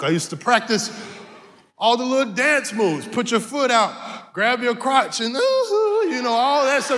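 A pastor preaching a sermon with animated storytelling, swinging from low asides to sung shouts. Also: male voice. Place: large arena church. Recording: long reverb of a large arena.

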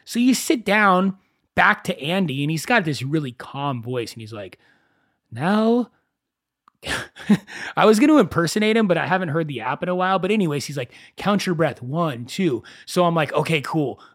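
A man with a somewhat high voice hosts a solo podcast, talking quickly and casually while telling animated stories full of self-mocking asides. The sound is dry and close, with no echo.

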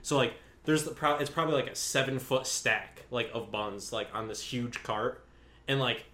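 A man's voice: mid-range voice, steady tone, moderate pace, fairly bright tone. A man in his twenties casually telling a long, rambling anecdote on a podcast, full of fillers. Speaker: podcast co-host. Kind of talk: casual chat, storytelling.

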